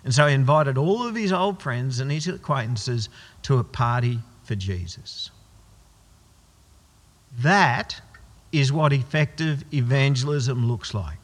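Animated man preaching in echoey hall. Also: mid-range voice, breathy edge. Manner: emphatic, rhetorical questions answered himself. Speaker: pastor. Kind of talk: sermon. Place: church. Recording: long church hall reverb.

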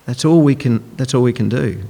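A man's voice: medium pitch, brisk, vocal fry, dark tone, slightly rough. A man preaching a sermon in a conversational, emphatic way, acting out quotes as he goes. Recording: long hall reverb.

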